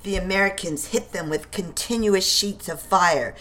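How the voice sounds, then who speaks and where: A woman narrating a historical war drama aloud in a deliberate reading voice. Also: lowish voice, a bit bright.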